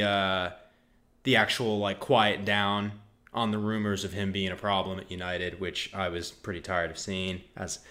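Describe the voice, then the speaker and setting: A man's voice: lowish voice, fairly bright tone. A man co-hosting a casual football podcast, delivering dry, sarcastic, mock-serious takes. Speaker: podcast co-host.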